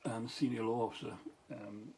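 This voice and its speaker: A man's voice: medium pitch, fairly even intonation, normal speed, dark tone, a little hiss or hum, rough recording. A tired middle-aged Scottish man, a former police officer, telling a meandering story late at night with many restarts, asides and chuckles.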